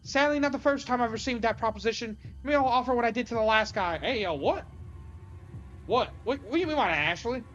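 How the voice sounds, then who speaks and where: A woman's voice: a little high, expressive, a little fast, dull audio, soft background music, close to an everyday voice. A woman voicing a defiant young woman hostage with a sarcastic, profane way of talking. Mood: incredulous.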